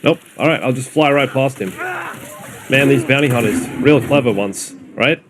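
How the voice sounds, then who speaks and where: A man's voice: medium pitch, normal speed, background noise. An Australian man streaming a video game, chatting wryly to viewers as he plays. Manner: chatty, wry, talks to viewers while playing. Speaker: streamer, host. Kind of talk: casual gameplay commentary.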